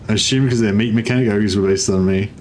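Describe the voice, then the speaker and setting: A man's voice: on the low side, fairly even intonation, fast, a little hiss or hum. A man streaming a strategy game, chatting in a rambling way and greeting viewers. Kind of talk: casual livestream commentary.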